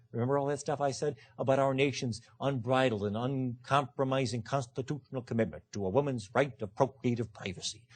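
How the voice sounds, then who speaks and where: A man's voice: mid-range voice, a little mellow, husky. A man, a law professor, lecturing to a live audience in a punchy, emphatic way with dry self-mocking humor. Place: lecture hall.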